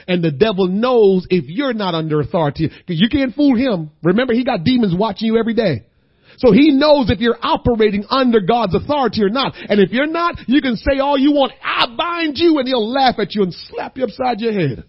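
A man preaching a sermon, moving from quiet, low passages to shouted, crying exhortation, and he breaks his phrases with "uh". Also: lively intonation, fairly quick, husky, muffled recording. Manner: punctuates phrases with "uh".

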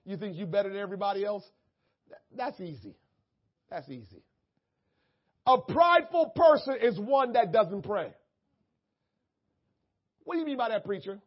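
A man preaching a sermon, moving from quiet, low asides to shouted, drawn-out scripture lines. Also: big pitch swings, muffled recording. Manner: drawn-out emphatic scripture reading. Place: church.

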